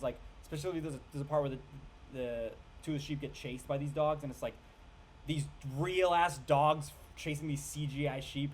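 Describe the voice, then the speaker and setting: A man's voice: mid-range voice, a little hiss or hum. A man giving a casual spoken movie review, rambling with lots of fillers, restarts and casual swearing.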